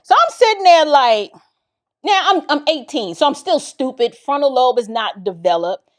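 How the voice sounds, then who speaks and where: A woman from the Bronx telling a personal story in a casual, expressive way, talking straight to her listeners. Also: sits high, moderate pace. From the Bronx, New York. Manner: animated and expressive, addresses listeners directly.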